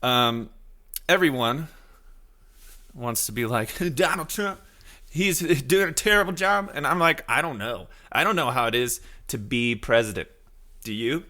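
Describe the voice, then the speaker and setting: A man in his thirties hosting a casual solo podcast, rambling loosely and reacting to his chat, now and then slipping into high silly voices to quote people. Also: bright, forceful tone. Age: 30s. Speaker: podcast host.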